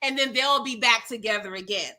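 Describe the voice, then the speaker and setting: A woman reviewing a TV episode gives a chatty, exasperated recap, laughing at scenes and greeting her viewers by name. Her voice is fairly high, fairly quick, bright and forceful in this casual commentary.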